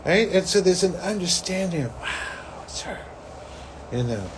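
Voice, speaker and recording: Animated rambling man with a lively voice. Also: sits high, unhurried, a little hiss or hum, rough recording. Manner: rambling, animated, full of "like" and "you know". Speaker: psychic host. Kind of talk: casual storytelling monologue.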